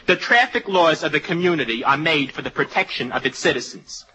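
Pompous stickler for rules. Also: male voice, a little high, lively intonation, fairly quick, pushed and bright, poor audio. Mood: lecturing. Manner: pompous and formal. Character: stiff, pompous, law-abiding young man.

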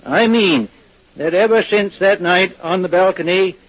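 An actor playing a self-important small-town amateur actor rehearsing a love scene in a vintage radio drama. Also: male voice, high voice, a little slow, fairly bright tone. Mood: hammy. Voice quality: pompous, overly dramatic. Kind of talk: 1940s radio acting. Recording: dull, dry old radio recording.

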